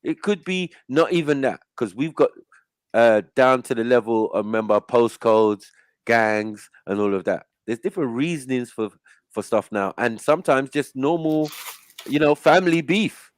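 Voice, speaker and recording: A man hosting a panel, arguing his side in a laid-back, low-key manner full of street slang. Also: animated, moderate pace, no room sound. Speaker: panel host. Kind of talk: heated casual debate.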